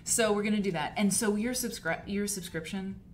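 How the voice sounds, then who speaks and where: A woman's voice: mid-range voice, brisk, a little hiss or hum. A woman hosting a casual live quilting stream, gushing and chatty, rambling with fillers and restarts. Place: home studio. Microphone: desk mic for a live stream.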